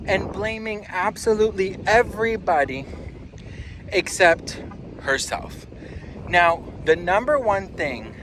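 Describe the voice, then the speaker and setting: A man hosting a celebrity gossip talk, sassy and animated, calling his listeners "girl" and "best friend" and reading an article aloud with his own asides. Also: on the high side, slight background noise. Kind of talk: casual gossip commentary.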